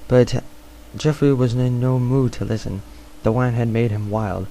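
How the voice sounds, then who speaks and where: A man's voice: medium pitch, steady tone, unhurried, mellow, slight background noise, rough recording. A man reading a novel aloud, often stumbling and restarting words. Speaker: narrator. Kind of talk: amateur audiobook reading.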